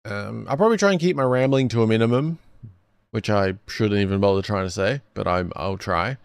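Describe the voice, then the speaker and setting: A man's voice: lowish voice, brisk, creaky, clean tone, no room sound, studio quality. A man streaming casually, rambling and correcting himself as he reacts to videos. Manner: rambling, self-correcting, lively.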